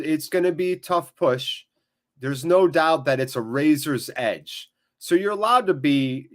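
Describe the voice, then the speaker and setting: A man hosting a live football watchalong, switching between excitable play-by-play and chatty replies to viewers. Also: medium pitch. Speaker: watchalong host. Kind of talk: live match watchalong commentary.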